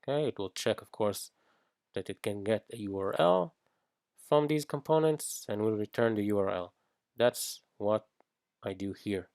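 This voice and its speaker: A man's voice: lowish voice, expressive, moderate pace, creaky, a little mellow, no echo, clean studio sound. A man walking through code in a screen-recorded programming tutorial, thinking aloud with frequent fillers and restarts. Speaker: iOS developer teaching.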